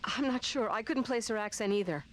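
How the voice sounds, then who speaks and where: A woman's voice: on the high side, a little fast, slight background noise, close to an everyday voice. An actress playing a brash, blunt woman, agitated and confrontational. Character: brash, blunt woman lost in a haunted town.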